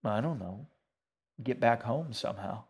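A man's voice: medium pitch, expressive, unhurried, slightly rough. A man voicing a firm, protective boy. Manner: firm, matter-of-fact. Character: stubborn protective boy, guarded.

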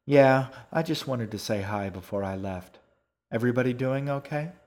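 A man's voice: mid-range voice, normal speed, darkish tone, pitched above the performer's own voice, lightly acted. A man voicing a friendly, upbeat young woman with antlers.

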